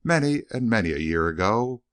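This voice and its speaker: A man reading an audiobook, voicing a gentle, wistful elderly male servant who speaks in a soft Southern drawl. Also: on the low side, expressive, fairly quick, clear, resonant tone.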